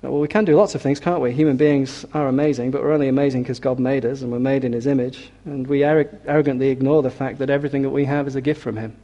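A man preaching a sermon, reading scripture slowly and building to forceful, emphatic declarations. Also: mid-range voice, fairly even intonation, dull audio. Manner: reads scripture aloud with slow weight.

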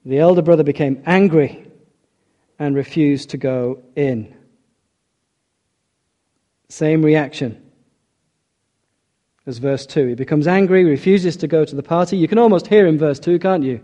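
A man's voice: on the high side, a little slow, long pauses, dark tone. A middle-aged man preaching a sermon, earnest and emphatic, often asking rhetorical questions.

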